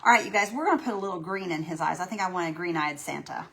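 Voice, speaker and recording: A folksy woman chats through a live painting demo, warm with her viewers and talking herself through every brushstroke. Her voice sits fairly low and has a gravelly, fried edge. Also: quick pace. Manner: chatty, folksy, greets viewers by name, self-reassuring. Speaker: craft livestream host. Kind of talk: casual live painting tutorial.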